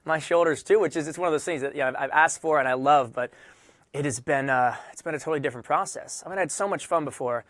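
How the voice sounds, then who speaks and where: A man's voice: fairly high pitch, quick pace, a bit bright, no echo, clean studio sound. Chatty man between songs. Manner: loose and chatty, lots of fillers and restarts. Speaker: singer-songwriter hosting a livestream. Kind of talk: casual chat between songs. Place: indoor room under hot lights.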